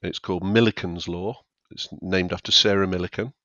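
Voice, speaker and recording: Deep-voiced and brisk, this male comedian sounds pushed and bright with fairly even intonation as a podcast guest. He's candid and self-mocking, performing bits of quoted dialogue, on a dull, dry lo-fi recording with no room sound.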